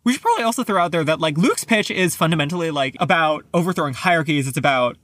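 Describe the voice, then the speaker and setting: Chatty young man, fairly high voice. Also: lively intonation, fairly bright tone, dry recording, studio quality. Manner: quick, chatty, full of "like" fillers. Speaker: podcast host. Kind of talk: casual book discussion.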